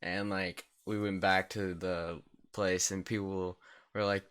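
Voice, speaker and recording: Deep-voiced teen guy telling a story. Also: level tone, unhurried, a bit bright, clean tone. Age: teenager. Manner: rambling, swears freely, fills with "like". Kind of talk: casual storytime vlog.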